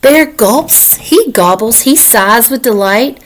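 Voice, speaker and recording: Slow, expressive woman reading a picture book. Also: a little high, slight background noise, low-quality recording. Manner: slow, expressive, asks children questions. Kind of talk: picture-book read-aloud.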